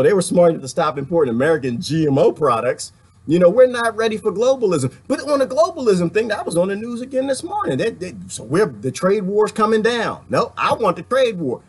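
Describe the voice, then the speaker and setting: A middle-aged political commentary host with a high, slightly rough voice delivers casual live-stream commentary. He laughs frequently and mocks people by imitating them in put-on voices.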